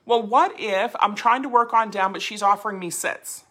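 A woman teaching a dog training class, explaining commands in a lively, chatty way with playful voice demonstrations. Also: mid-range voice, normal speed, breathy edge.

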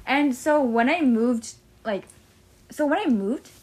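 A woman's voice: high voice, expressive, slow pace, darkish tone, slightly rough. A young woman in casual chat as co-host, rambling, giggling often and losing her train of thought.

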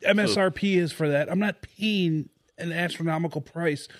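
A man co-hosting a relaxed podcast chat, leaning hard into his points and swearing often. His voice sits a little high for a man and sounds close and dry, with no room sound. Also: moderate pace, dry recording. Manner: emphatic, swears freely. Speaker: podcast host. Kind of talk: casual chat among friends.

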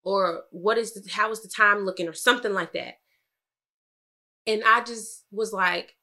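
A young woman co-hosting a casual chat, telling a lively story and acting out both sides of an argument with her husband. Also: normal speed. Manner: animated storytelling, quoting her husband, rising to high exclaims. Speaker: podcast co-host.

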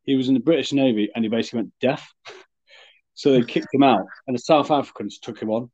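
Man, podcast co-host, rambling halting delivery, mid pitch, dull lo-fi recording. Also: a little mellow. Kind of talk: casual sports chat. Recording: dull lo-fi sound.

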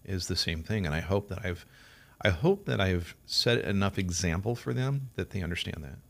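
A man's voice: low voice, animated, moderate pace, creaky, fairly bright tone. A man being interviewed about his marriage, speaking earnestly and laughing often. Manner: earnest, sentimental, laughs a lot. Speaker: guest, café co-owner. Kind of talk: casual interview chat.

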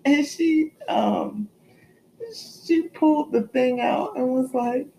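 A woman's voice: a little high, slow, vocal fry, a little mellow, a little hiss or hum, low-quality recording. A woman co-hosting a casual podcast, telling playful, laughing stories about her childhood and her kids. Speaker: podcast co-host. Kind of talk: casual chat.

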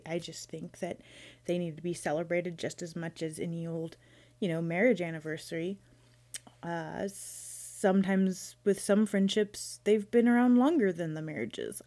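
With a lowish, darkish voice, a thirtysomething woman talks casually on her own solo podcast. She's playful and rambling, often restarting her sentences.

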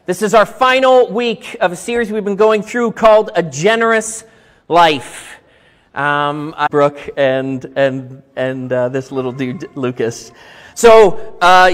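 A man's voice: fairly high pitch, animated, takes it slowly, a bit bright. A man preaching as a pastor, telling stories in a chatty, upbeat way. He addresses his church congregation directly. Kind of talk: sermon. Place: church sanctuary. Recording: long reverb of a church hall.

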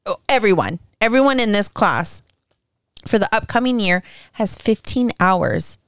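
A woman's voice: medium pitch, big pitch swings, unhurried, fairly bright tone, clean tone, dry recording, clean studio sound. A woman in her forties, a podcast co-host and mother of teenagers, telling family stories in casual chat, rambling and laughing often.

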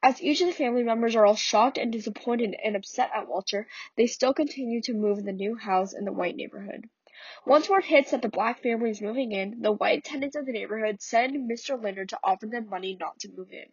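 A woman's voice: a little high, fairly quick, darkish tone, breathy edge, no echo. A young woman hosting a podcast, reading an earnest scripted summary of a play, with small restarts, on a slightly muffled recording. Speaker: podcast host.

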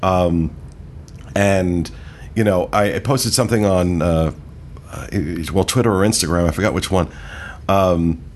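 A man's voice: low-pitched, unhurried, pauses often, slight background noise. A man hosting a casual podcast discussion, rambling and enthusiastic with plenty of fillers. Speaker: podcast host.

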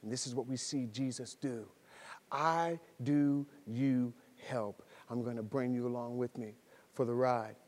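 A man preaching a sermon as pastor, swinging between soft storytelling and loud, excited delivery. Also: mid-range voice, unhurried, big-room sound. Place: church sanctuary.

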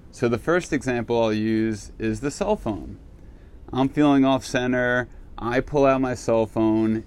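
A man's voice: medium pitch, a little mellow. A man giving a casual, reflective self-help monologue, candid and swearing freely. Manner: candid, swears casually, acts out his own reactions.

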